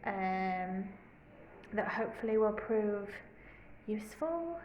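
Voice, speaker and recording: A woman's voice: medium pitch, animated, takes it slowly, darkish tone. A woman teacher talking casually to camera in a vlog, hesitant with many fillers. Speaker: teacher vlogger. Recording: echoey room with faint noise.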